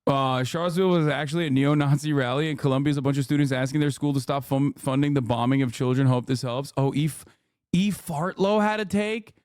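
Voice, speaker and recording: A man's voice: medium pitch, level tone, fast talker, hardly any pauses, a little mellow, smooth, dry recording, studio quality. A man in his thirties giving casual, profane and sarcastic commentary as a stream host.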